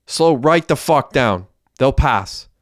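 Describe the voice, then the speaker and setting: A man reading a bold young gangster in a crime audiobook who barks blunt orders and swears freely. The voice is smooth and resonant, recorded dry and close. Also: lowish voice, normal speed, no room sound, close to an everyday voice. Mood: urgent.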